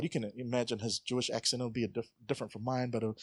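A man's voice: medium pitch, very animated, quick pace, few pauses, fairly bright tone, dry recording. A man preaching a conversational sermon, joking and asking the congregation questions. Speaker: pastor.

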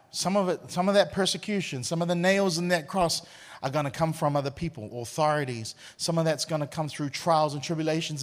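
Animated New man preaching. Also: fairly high pitch. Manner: animated, laughs often, repeats words. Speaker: pastor. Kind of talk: sermon with personal storytelling.

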